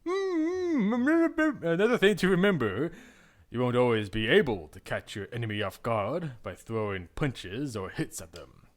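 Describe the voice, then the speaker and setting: A man's voice: medium pitch, sing-song, unhurried. A man voicing a stern male combat mentor, lecturing and mocking his pupil as he reads a visual novel aloud.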